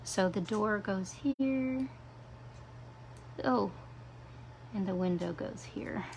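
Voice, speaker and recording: A woman's voice: mid-range voice, creaky, a little hiss or hum. A woman demonstrating a craft project on a live stream, chatting casually and answering viewers' comments by name. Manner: self-deprecating, playful asides.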